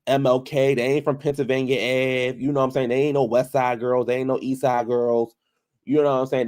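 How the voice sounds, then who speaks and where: A man's voice: medium pitch, a little mellow. A man giving casual commentary, repeating phrases for emphasis and calling out people directly. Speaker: commentary vlogger.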